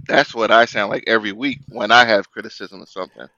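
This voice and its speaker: A man co-hosting a podcast in casual debate chat, halting and repeating words as he makes his critique. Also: lowish voice, fairly even intonation, sharp tone, dry recording, muffled recording. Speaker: podcast co-host.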